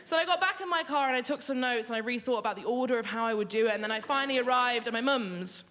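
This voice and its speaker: A young woman performs a personal story live onstage, comic and confessional, building each bit toward a punchline. Her voice sits a little high. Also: fast talker, pushed and bright, a little hiss or hum.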